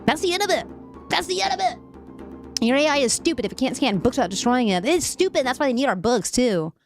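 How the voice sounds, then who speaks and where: A woman with a high voice hosts a casual live stream. She reads news articles aloud and stops to vent and laugh, talking to her chat. Faint music plays underneath. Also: very animated, fast. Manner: emotional, frequently laughing and venting. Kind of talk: live-stream news commentary, chatting with viewers.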